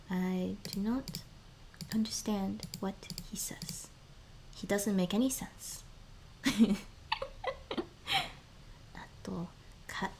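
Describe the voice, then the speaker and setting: A woman's voice: mid-range voice, darkish tone, a little hiss or hum. Sex: woman. Role: streamer. Style: casual live chat, mumbles and whispers words under her breath, frequent laughter. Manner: sounds out words slowly, drops to murmurs and whispers; laughs often between phrases.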